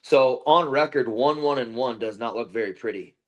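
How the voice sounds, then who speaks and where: A man's voice: mid-range voice, moderate pace. Bare knuckle fighter guy in a post-fight interview, swears a lot, intense, lots of ums and restarts. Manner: intense, profane trash talk with many fillers and restarts.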